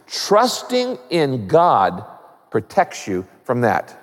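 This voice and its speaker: A man preaching a sermon as a pastor, conversational and animated, with humor. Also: a little high, normal speed, long reverb tail.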